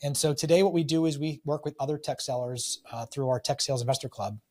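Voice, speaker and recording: A man guesting on a podcast, telling his story in a lively, rambling way. His voice sits at an ordinary middle pitch, and he briefly acts out the people he quotes along the way. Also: fast. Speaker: podcast guest, real estate investor and tech salesman. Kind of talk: casual storytelling interview.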